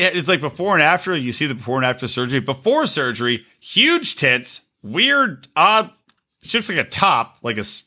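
Bright, animated man riffing on a podcast. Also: a little high. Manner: animated, profane, laughing storyteller. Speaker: podcast co-host. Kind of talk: casual comedic show-review chat.

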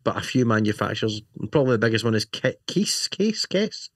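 On the low side and fast, a man's flat delivery comes through clean studio sound without any room tone. Co-hosting a podcast, he rambles and cracks jokes about motorcycle gear, leaning on "you know" and "right?".

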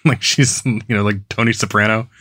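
A man's voice: fairly low pitch, steady tone, brisk, pushed and bright, no room sound. A man co-hosting a podcast, recapping a TV episode in a casual, sarcastic way and laughing as he goes. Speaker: podcast co-host.

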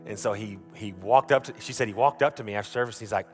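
A man's voice: on the low side, racing, hardly any pauses. A man preaching a sermon, telling stories in a folksy, earnest way, often restarting his sentences. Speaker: pastor. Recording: music playing under the voice.

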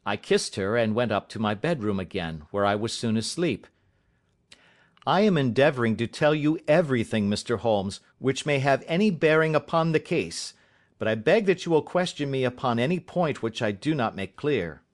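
A man's voice: medium pitch, lively intonation. Man reading a dramatic audiobook. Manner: measured, dramatic storytelling. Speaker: audiobook narrator. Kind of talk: first-person audiobook reading.

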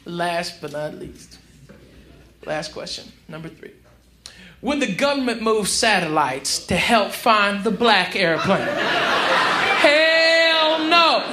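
A male stand-up comedian performing a brash, profane, mocking set on a comedy club stage, shouting his punchlines. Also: high-pitched, animated, slow pace. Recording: live club recording, roomy, crowd noise. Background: audience laughter.

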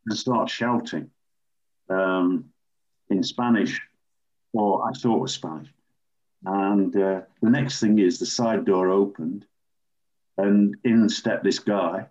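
An older man from England, a former referee, telling animated anecdotes as an interview guest. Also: fairly low pitch, a little slow, long pauses. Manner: animated raconteur, acts out quoted voices. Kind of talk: anecdotal storytelling. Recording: dull lo-fi recording.

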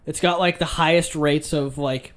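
A man's voice: fairly high pitch, fairly even intonation, normal speed, a bit bright. A young man from Iowa chatting casually, blunt and opinionated, swearing freely. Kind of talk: casual chat.

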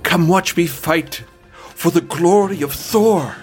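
A man voicing a huge, gentle bearfolk barbarian woman who speaks softly and sweetly. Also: fairly low pitch, slow, soft background music, voice pushed up. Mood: inviting.

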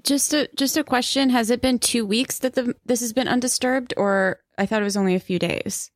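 A woman's voice: fairly high pitch, steady tone, brisk, no echo. Hesitant woman player, dry sound. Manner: unsure, hesitant. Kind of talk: tabletop game play.

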